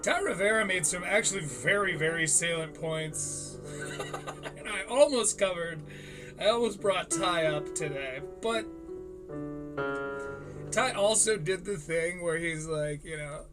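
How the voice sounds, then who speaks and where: A man's voice: high-pitched, measured pace, over music. A man hosting a live-streamed comedy commentary show, talking casually and sarcastically with a lot of swearing and frequent laughs. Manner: profane, sarcastic, laughs often, slips into mocking voices.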